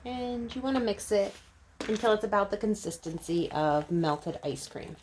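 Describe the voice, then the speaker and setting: A woman's voice: mid-range voice, lively intonation, normal speed, a little mellow, slight background noise. A woman hosting her own DIY channel, talking viewers through a craft project step by step in a casual, friendly way. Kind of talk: casual how-to narration.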